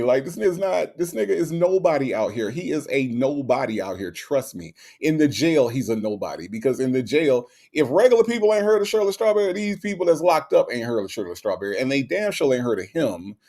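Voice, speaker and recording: Male stream host, casual and slangy, animated rhetorical back-and-forth with chat. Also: fairly high pitch, brisk, vocal fry, hardly any pauses. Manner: animated, rhetorical questions, repeats himself; slangy, conversational. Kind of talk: casual live commentary reading chat.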